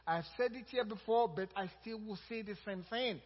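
High-voiced preaching man in a hall. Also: breathy edge. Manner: lively preaching, quotes scripture slowly with emphasis. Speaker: pastor. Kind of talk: sermon. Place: church sanctuary. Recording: reverberant hall, dull lo-fi sound.

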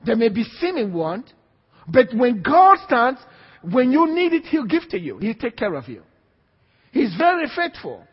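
High-voiced preacher in an echoey hall. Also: male voice, wildly swooping pitch, unhurried, breathy edge. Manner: emphatic, repetitive preaching with call-and-response. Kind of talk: sermon. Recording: dull, echoey hall recording.

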